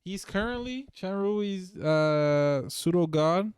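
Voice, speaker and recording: Man, podcast co-host, casual novel chat, easygoing, smooth voice, dry close sound. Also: sits high, expressive, slow, a little mellow, no echo.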